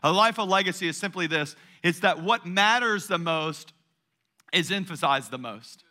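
A man in his thirties preaches to his congregation with energy and emphasis, hammering his points through repetition. His voice sits high for a man and rings very bright and forceful. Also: animated, normal speed. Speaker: pastor. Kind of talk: sermon.

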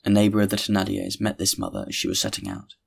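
A man narrating a classic novel as an audiobook reader, reading in a measured, deliberate way. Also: low voice, very animated, creaky, slightly rough.

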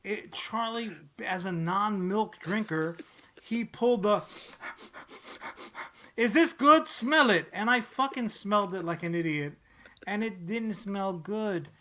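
Podcast co-host, male, bright edgy tone, profane exasperated rants. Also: high voice, a little slow, a little hiss or hum. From New Jersey. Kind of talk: casual podcast chat.

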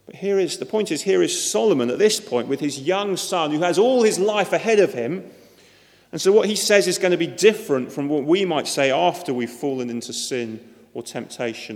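A man preaching a sermon in an earnest, emphatic manner, with repeated words at times. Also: medium pitch. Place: church. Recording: reverberant church hall.

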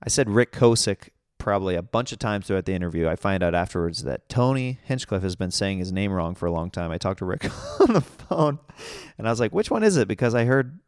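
A man's voice: deep voice, very animated, fairly quick, clean tone, no room sound, studio quality. A man hosting his podcast in a casual, rambling, upbeat way, laughing often. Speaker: podcast host. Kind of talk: casual solo podcast chat.

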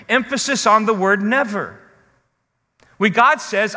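A man preaching a sermon as a pastor, speaking earnestly, putting direct questions to his listeners and leaning slowly on key words. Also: high voice, pushed and bright, long reverb tail.

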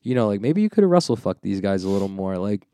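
A man's voice: fairly low pitch, very animated, fast talker, warm tone, dry recording. A young man, a fighter, chatting casually in an interview, rambling with lots of filler words and sounding unsure of himself. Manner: rambling, heavy with "like" fillers, self-doubting. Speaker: fighter talking about his wrestling.

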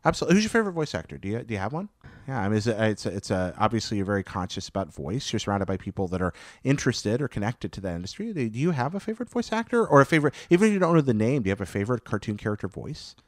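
A man with a slight lisp hosts a podcast and fires off quick questions. His pitch swings widely as he gushes and asks eagerly. The sound is close and dry. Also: big pitch swings, no echo. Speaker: podcast host. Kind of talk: casual interview chat.

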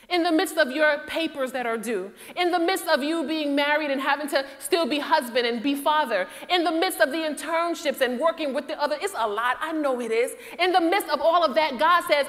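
A woman's voice: sits high, moderate pace, a bit bright. A woman in her thirties, a chaplain and preacher, giving an emphatic testimony sermon and repeating her key points. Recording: long reverb of a large hall.

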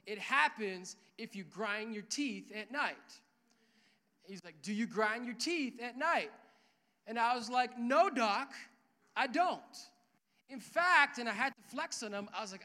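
A young man preaching as a pastor, telling a lively story with quoted dialogue in a church service. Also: high voice, unhurried, pauses often. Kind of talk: sermon. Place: church hall with worship music. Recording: reverberant church hall.

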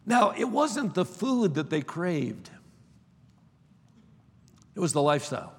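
High-voiced guy preaching, stumbles over his first words a lot, big hall with a long echo. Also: very animated, breathy edge. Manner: repeats words when starting sentences, slow emphatic delivery. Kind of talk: sermon.

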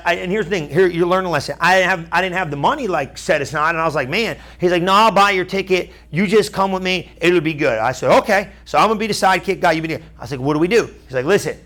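Fast-talking high-voiced man pastor. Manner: animated, chatty, asks the crowd "right?". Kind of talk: storytelling sermon.

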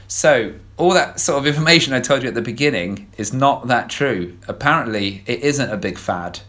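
Guy in his twenties hosting a jokey podcast, mid-pitch, teasing and self-mocking. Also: expressive, sharp tone. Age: 20s. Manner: teasing, self-deprecating, with quick asides. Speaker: podcast host. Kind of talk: casual comedic chat.

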